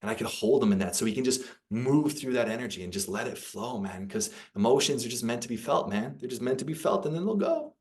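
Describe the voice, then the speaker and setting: A man's voice: mid-range voice, animated, fast talker, hardly any pauses, a little mellow. A young man, a guest on a podcast, talking earnestly and reflectively in casual conversation, often saying "like" and "man". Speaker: podcast guest, personal freedom coach.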